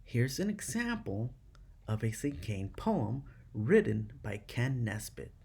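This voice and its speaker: Male teacher, slow, careful lesson narration, husky voice. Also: medium pitch, very animated, mellow. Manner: slow, careful explaining to students.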